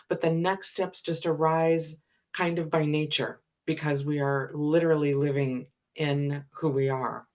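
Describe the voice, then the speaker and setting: A woman's voice: sits low, darkish tone. A woman in her seventies, a spiritual teacher, telling a personal story in a candid, chatty way and laughing easily. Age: 70s.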